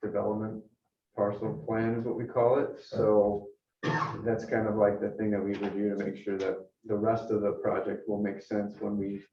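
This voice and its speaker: A town planning staff member, a man, calmly explaining review procedure at a public meeting. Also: lowish voice. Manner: measured, explanatory. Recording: echoey room, distant mic, muffled, faint hiss.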